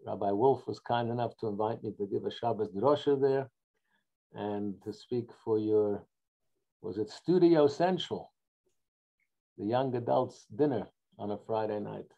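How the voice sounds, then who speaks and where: Gravelly man welcoming guests on a video call. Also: lowish voice, warm tone, dull audio. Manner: halting, many restarts and fillers. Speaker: rabbi hosting a joint congregation event.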